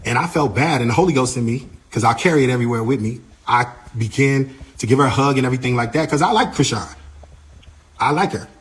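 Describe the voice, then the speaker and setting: Guy telling a wild backstage story, mid-pitch voice, repeats stuff and does everyone's lines. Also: fast talker. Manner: animated, repeats himself, acts out quoted voices. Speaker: tour manager. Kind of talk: casual storytelling account.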